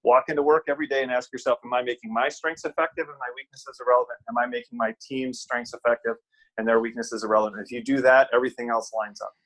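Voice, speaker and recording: A man's voice: medium pitch, steady tone, fast talker, low-quality recording. A middle-aged man from Wisconsin, a guest on a casual podcast interview, who talks emphatically, repeats key phrases and jokes at his own expense. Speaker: guest speaker and author.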